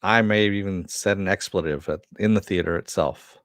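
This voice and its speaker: A man's voice: low voice, brisk, no echo, clean studio sound. A man hosting a casual live-stream chat, answering viewers and swearing now and then. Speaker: host.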